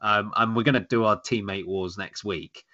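A man's voice: on the low side, fairly even intonation, moderate pace, sharp tone, dull audio. A man hosting a podcast, chatting casually in a wry, joking way. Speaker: podcast host. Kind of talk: casual chat.

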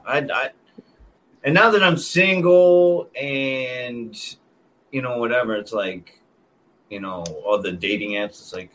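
A man's voice: mid-range voice, fairly bright tone, slight background noise. A middle-aged man hosting a podcast, joking around and swearing casually. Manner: joking, slow and drawn-out, salty language. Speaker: podcast host. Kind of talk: casual chat.

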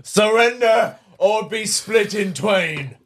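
A menacing hell beast, put on by a man, drawls out grand old-fashioned threats. The voice is pitched up and loud, and the words come slow and stretched. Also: expressive, exaggerated voice. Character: menacing ancient time-traveling hell beast, male.

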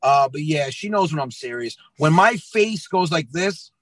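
A man in his thirties, a comedian telling stories in a lively way and acting out dialogue. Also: fairly high pitch, moderate pace, dry recording, poor audio. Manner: lively, acts out dialogue, says "man" often. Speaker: comedian guest. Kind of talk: animated podcast storytelling.

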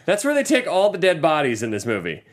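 A young man hosts a casual podcast, joking and laughing as he acts out lines from a movie. His voice sits a bit high and swings up and down a lot as he talks. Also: wildly swooping pitch, quick pace. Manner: joking, laughing, acting out quotes. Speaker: podcast host.

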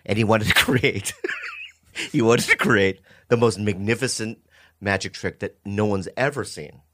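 A man telling jokes in casual podcast chat, rambling and animated with lots of fillers. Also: lowish voice, measured pace, dry recording, studio quality.

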